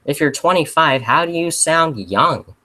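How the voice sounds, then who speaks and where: A man's voice: fairly high pitch, lively intonation, pushed and bright, low-quality recording. Teenage guy rambling on a live stream. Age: teens. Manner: rambling, halting, lots of fillers. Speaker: YouTuber hosting a live Q&A. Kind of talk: casual live-stream chat.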